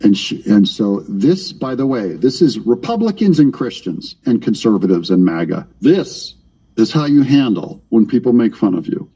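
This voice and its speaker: Husky, ranting male streamer. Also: mid-range voice, very animated, normal speed, dark tone. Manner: ranting, sarcastic, addresses chat directly. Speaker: live-stream political commentator. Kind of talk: casual live-stream commentary.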